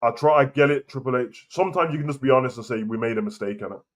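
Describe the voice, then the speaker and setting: Talking very fast in a medium-pitched voice, a man hosts a laid-back wrestling commentary show. In his opinion rant to camera, he argues heatedly, hammering the same point again and again.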